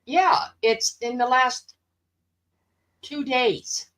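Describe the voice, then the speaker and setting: Woman, slow unhurried speech, casual chat, points things out. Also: high-pitched, a bit bright, low-quality recording. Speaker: chat participant sharing her screen.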